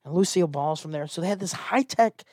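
A man, a stand-up comedian, telling a casual, animated story and acting out the people in it. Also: fairly high pitch, fast talker, dry recording, studio quality. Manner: animated, acts out quoted voices.

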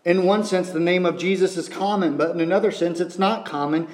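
A man's voice: high voice, steady tone, brisk, a little mellow, reverberant. A man preaching a sermon in an earnest teaching tone, asking rhetorical questions as he explains scripture.

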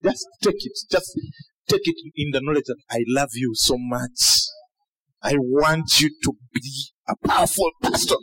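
A man preaching a sermon to a large congregation, animated, with shouted peaks and acted-out quotes. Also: mid-range voice, unhurried, husky, poor audio. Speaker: pastor.

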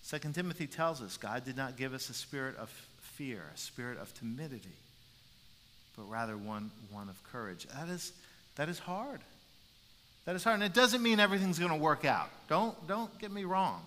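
A man preaching a sermon as a pastor, animated and repeating words as he builds his points. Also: a little high, moderate pace, slight background noise. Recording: long reverb in a large hall.

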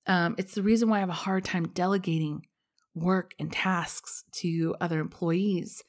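A woman's voice: lowish voice, steady tone, moderate pace. A pregnant woman hosting her own podcast, talking candidly and rambling, with casual swearing, in a personal monologue. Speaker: podcast host.

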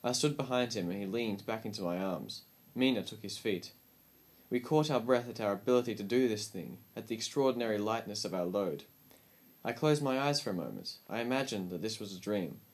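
Calm, low-voiced man narrating a storybook. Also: a little fast. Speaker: audiobook narrator. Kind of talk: scripted audiobook narration.

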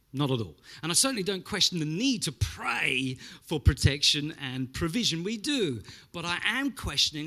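A man preaching a Pentecostal sermon, telling stories with animation and sound effects. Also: high voice. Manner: animated storyteller, mimics spray sounds. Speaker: pastor.

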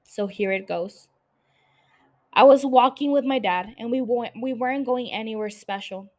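A woman reading the lines of a wounded woman who confronts the man who shot her, speaking in a measured, bitter way that turns forgiving. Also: fairly high pitch, darkish tone, natural voice.

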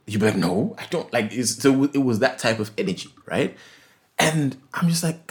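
A man's voice: mid-range voice, expressive, normal speed. A young Zimbabwean man whose first language is Ndebele, telling a story in casual chat and acting out both sides of a phone call.

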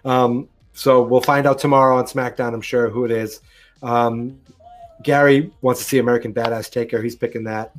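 A man with a mid-range voice, steady tone, and moderate pace co-hosts a live wrestling stream. He chats casually and rambles, his speech full of ums and restarts.

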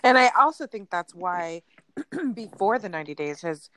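A woman in her thirties co-hosts a casual chat podcast, telling anecdotes with real animation and plenty of ums and uhs. Her voice is medium in pitch and moves at a normal speed.

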